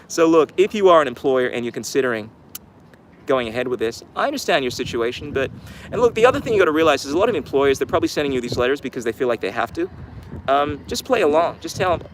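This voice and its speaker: A man's voice: medium pitch, animated, fast talker, slight background noise. A man hosting his channel's livestream, rambling through casual, sarcastic commentary. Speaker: channel host.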